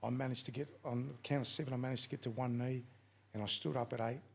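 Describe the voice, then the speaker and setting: In a casual podcast interview, the guest, a former fighter and middle-aged Australian man, tells a story, swearing without restraint and acting out what people said. He talks fast, with a medium, creaky voice and fairly even intonation.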